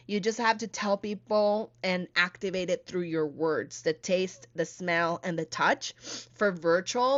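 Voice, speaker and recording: Animated woman coaching, bright slow delivery. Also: fairly low pitch, dull audio. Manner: animated and emphatic, with playful asides. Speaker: podcast host and event coach. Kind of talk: solo teaching monologue.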